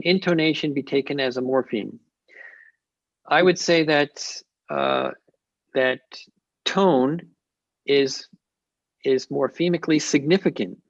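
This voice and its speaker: A man with a gravelly voice answers questions in a slow, measured way, often pausing and restarting. His voice sounds dry and close over muffled video-call audio. He speaks as a lecturer in an academic webinar. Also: a little high, dry recording. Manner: measured, hesitant, with many fillers and restarts.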